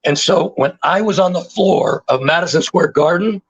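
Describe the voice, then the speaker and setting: A man in his sixties, a guest telling stories in a casual interview, animated and repeating words for emphasis. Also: high voice, normal speed, muffled recording. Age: 60s.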